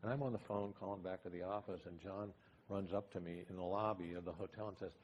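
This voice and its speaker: A middle-aged man, a tech company founder, telling a lively anecdote in a casual way and acting out the dialogue. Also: low-pitched, quick pace, slight background noise. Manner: lively, acts out dialogue with changed voices.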